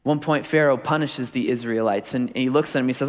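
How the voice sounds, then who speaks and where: Male pastor, sermon, punchy repetition, wry humor, medium pitch, stage mic, echoing large church. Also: steady tone, brisk. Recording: long reverb of a large hall.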